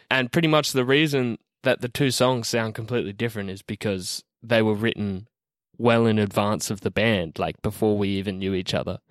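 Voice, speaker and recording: A man with an Australian accent, a band member talking in a relaxed, rambling way about his song. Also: lowish voice, no echo, studio quality. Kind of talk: recorded message about a song.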